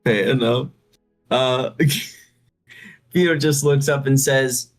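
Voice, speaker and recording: A woman's voice: extremely low pitch, steady tone, extremely slow, pauses often, soft background music. A woman playing a tabletop game, playful and teasing, narrating her character's actions.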